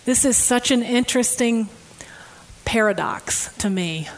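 A woman gives a conversational sermon with a fairly high voice. She preaches in an emotive, personal way and talks straight to her listeners. Her delivery swings from hushed, almost whispered moments to loud, stirring ones. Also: a little slow, poor audio.

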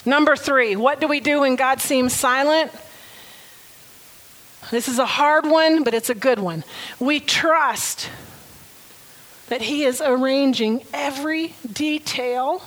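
A woman's voice: sits high, takes it slowly, long pauses, fairly bright tone, low-quality recording. A woman preaching a sermon in an earnest, emphatic way, leaning on key phrases.

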